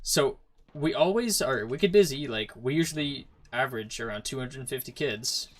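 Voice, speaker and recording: A young man spins a rambling anecdote while gaming on stream. He talks casually and leans on "like" constantly. His voice sits at an ordinary middle pitch. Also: lively intonation, moderate pace. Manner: rambling storyteller, heavy use of "like".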